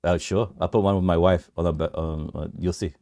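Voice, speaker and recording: A man's voice: deep voice, steady tone, normal speed, a little mellow, no room sound, clean studio sound. A man hosting a casual crypto livestream, bantering with his viewers, laughing often and restarting his sentences.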